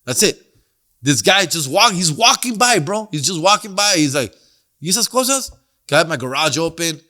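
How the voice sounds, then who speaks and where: A middle-aged man tells a story on his podcast, cursing freely and dropping slang and Spanish phrases. His voice sits a little high for a man and sounds bright and forceful. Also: animated, moderate pace. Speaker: podcast host and comedian. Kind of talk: casual storytelling monologue.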